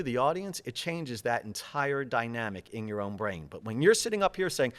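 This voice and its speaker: A man giving interview answers as a public speaking coach, energetic and fast-talking, gesturing as he speaks. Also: medium pitch.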